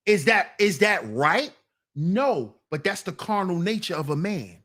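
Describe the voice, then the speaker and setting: High pitched guy, blunt casual rant, scolding his chat. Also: very animated, measured pace, a bit bright. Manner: blunt, scolding, talks back to viewers. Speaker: commentary channel host.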